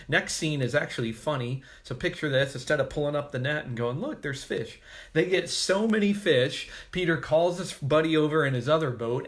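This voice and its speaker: A male pastor giving a casual, conversational devotional sermon with joking asides. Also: medium pitch.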